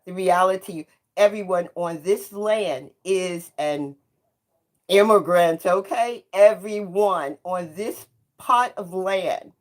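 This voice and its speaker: A woman's voice: on the low side, slow pace. A woman in her seventies hosting a livestream, talking in an impassioned monologue and repeating phrases for emphasis like a preacher. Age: 70s. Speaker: host.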